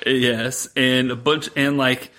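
A man co-hosting a podcast talks in a loose, rambling way, mocking what he describes and slipping in laughs. His voice sits at a middle pitch for a man. It is unhurried, easygoing chat. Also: flat delivery, sharp tone. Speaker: podcast co-host. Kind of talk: casual chat recapping a movie.

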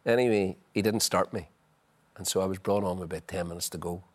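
A middle-aged man, a former footballer telling lively anecdotes as a guest, full of "you know". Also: low voice, quick pace. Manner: chatty, leans on "you know", acts out scenes. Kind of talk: animated anecdotal storytelling.

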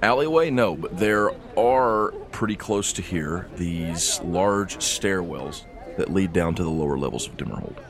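Casting: very low-voiced male game master, relaxed rambling narration. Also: measured pace, a crowd in the background. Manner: loose, rambling narration with fillers.

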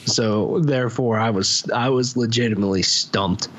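A man's voice: medium pitch, moderate pace. A man co-hosting a casual gaming podcast, talking in a laid-back, easygoing way with casual swearing. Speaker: podcast co-host.

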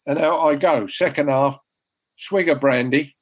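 A man's voice: fairly high pitch, a little slow, rough recording. Older man telling old football tales. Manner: rambling, self-deprecating, many ums and restarts. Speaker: former goalkeeper, guest. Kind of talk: casual anecdote telling.

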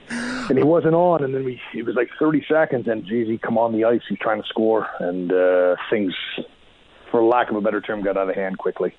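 A man calling into a radio show as a guest and telling animated stories about his hockey career, often acting out what he and others said. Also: fairly low pitch, fairly quick. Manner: animated, quotes himself often. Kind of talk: casual storytelling. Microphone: phone call. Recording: tinny dry phone line.

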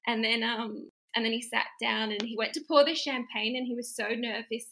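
A young woman tells her story in a lively, chatty way, jumping into other people's voices and laughing often. Her tone is bright and she has a gravelly fry, pitched a little higher than usual. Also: a little fast, rough recording. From Australia. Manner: animated, acts out quotes with laughter. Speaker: interview guest. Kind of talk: casual storytelling.

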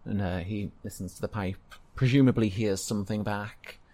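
A man narrating a tabletop game as game master in a relaxed, rambling way. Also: fairly low pitch, normal speed.

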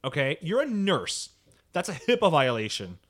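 A man co-hosting a casual podcast, telling stories in an animated way and dropping Spanish words. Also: fairly high pitch, moderate pace. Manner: animated, lively storytelling with Spanish interjections. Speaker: podcast co-host. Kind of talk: casual chat.

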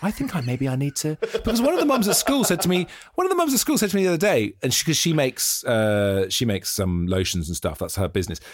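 A man's voice: a little high, sing-song. A man hosting a podcast, teasing his guest in casual chat. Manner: teasing, quick interviewer. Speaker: podcast host.

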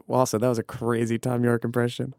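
Casual male storyteller, profane and giggly, mid-pitched voice, dry close sound. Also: fast, no echo. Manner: profane, laughing, animated.

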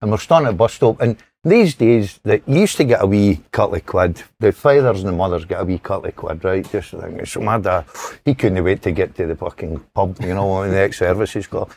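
A man's voice: deep voice, brisk, gravelly, hardly any pauses, a little mellow. A middle-aged Scottish man telling a sweary, laughing family anecdote in casual podcast chat. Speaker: podcast panellist.

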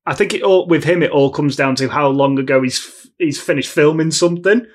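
A man's voice: on the high side, brisk. A man co-hosting a podcast, giving a wry, dry-humoured film verdict in casual chat. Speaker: podcast co-host.

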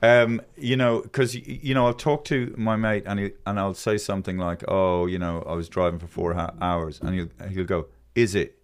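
Man, 50s, podcast host, playful teasing, fairly low voice. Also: steady tone, moderate pace, hardly any pauses, smooth. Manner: teasing, playful, with many restarts. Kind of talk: casual chat.

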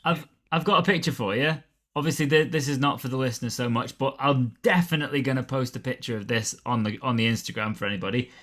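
A man co-hosting a podcast, chatting in a blunt, animated way with plenty of swearing. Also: medium pitch, fast talker. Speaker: podcast co-host. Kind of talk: casual chat.

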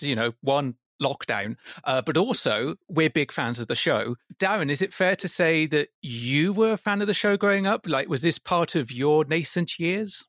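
West Country man, fairly high voice, dry close sound, podcast host. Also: fairly bright tone, dry recording. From West Country, England. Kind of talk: casual podcast chat.

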